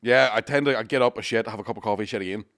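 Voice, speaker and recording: A man's voice: fairly low pitch, racing, fairly bright tone, dry recording, clean studio sound. A man with a Northern Irish accent, a comedian co-hosting a podcast, chatting casually and telling crude, self-mocking stories with plenty of swearing. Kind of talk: casual chat.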